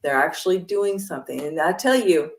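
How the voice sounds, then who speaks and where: A woman's voice: on the low side, animated, brisk. A woman representing a mentorship program, talking in an upbeat, persuasive way during a livestream interview. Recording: roomy sound, far from mic.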